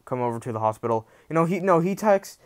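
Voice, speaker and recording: A man's voice: fairly high pitch, expressive, fast talker. A young man casually retelling a fan-fiction story, rambling with many restarts and acting out the quotes.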